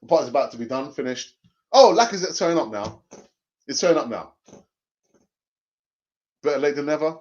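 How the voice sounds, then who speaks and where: Animated man, lo-fi sound. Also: mid-range voice, brisk, long pauses. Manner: animated, jokey, laughs often, repeats phrases. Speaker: fan channel host reading live chat. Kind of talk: casual live-stream chat. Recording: dull lo-fi sound.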